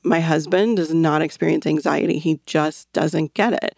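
A woman hosts a casual parenting talk, speaking quickly and thoughtfully about her own struggles. Her voice carries a noticeable gravelly fry. The recording is dry and close. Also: deep voice, fairly even intonation, darkish tone, dry recording. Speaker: podcast host. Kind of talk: casual conversational interview.

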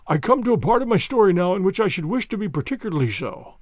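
Man, audiobook narration, high lively voice, dry close sound. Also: fast talker, no room sound. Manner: lively, dramatic reading.

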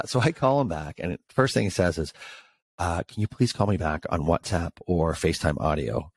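A man co-hosting a casual chat show, telling a story as an animated rant with swearing. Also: low voice. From Canada. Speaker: podcast co-host.

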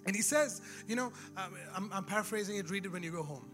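A man's voice: high-pitched, animated, fast talker, a bit bright, soft background music. A man preaching a sermon in a church, in a conversational way with laughing asides, rising to emphatic exhortation. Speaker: pastor.

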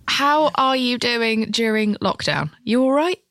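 A woman's voice: a little high, expressive, a little slow, fairly bright tone, no echo, clean studio sound. A woman hosting a podcast, chatting casually, blunt and jokey, swearing freely. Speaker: podcast host.

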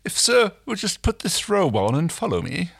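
A man's voice: high voice, wildly swooping pitch, moderate pace, gravelly, slightly rough, no room sound, studio quality, voice pushed up, heavily acted. A man voicing a nervous, fawning male shop assistant in a comic fan fiction reading, fussy and overly polite.

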